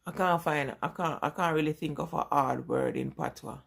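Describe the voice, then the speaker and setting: A woman's voice: low-pitched, moderate pace, creaky. A middle-aged Jamaican woman with a strong Jamaican accent, chatting casually and rambling as she answers viewers in a live vlog. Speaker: vlogger.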